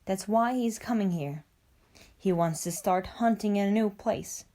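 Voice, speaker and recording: A woman's voice: medium pitch, a little slow, warm tone, close to an everyday voice. Mother Wolf, a woman playing a brave wolf mother. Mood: calm. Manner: bold, protective. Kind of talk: storybook reading.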